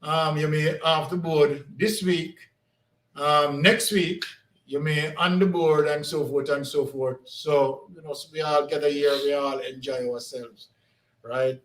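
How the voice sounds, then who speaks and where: Jamaican male co-host, slow drawl, off-mic in a roomy space. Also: fairly high pitch, fairly even intonation. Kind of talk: casual live-stream chat.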